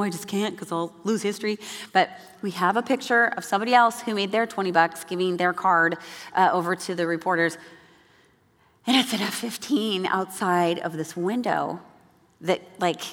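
A woman giving a devotional talk at a church gathering, telling a personal story with animated delivery and acting out the voices she quotes. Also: mid-range voice. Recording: long hall reverb.

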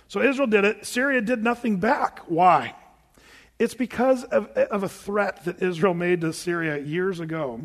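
Gravelly yet fairly bright, this preacher's high voice moves at normal speed as he tells his congregation a personal story. He's talkative and tickled by his own telling, laughing often, with the long echo of a big hall behind him.

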